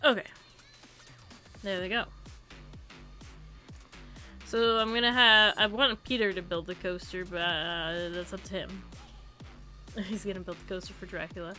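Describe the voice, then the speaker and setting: A young woman streamer chats through her build in an unhurried, giggly way. Her voice is bright and clear, and soft music plays faintly under her talk. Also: medium pitch, steady tone. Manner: chatty, giggles often. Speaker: live streamer. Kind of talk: casual game stream chat.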